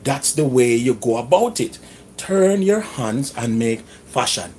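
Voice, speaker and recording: A man's voice: medium pitch, expressive, takes it slowly, a little mellow, a little hiss or hum. A middle-aged Jamaican man chatting casually through a home cooking vlog in his kitchen, slipping into patois phrasing. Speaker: cooking vlogger.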